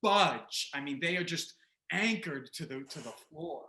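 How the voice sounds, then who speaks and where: A man's voice: on the high side, expressive, moderate pace, pushed and bright, echoey room. A man narrating as game master of a tabletop game, describing action with restarts and laughing along.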